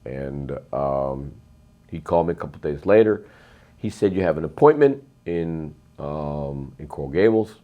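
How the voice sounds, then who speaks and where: A man's voice: very deep voice, lively intonation, unhurried, phone-quality sound. A middle-aged man, a real estate investor, telling long rambling stories in an interview, emphatic and full of ums and uhs. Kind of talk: storytelling interview.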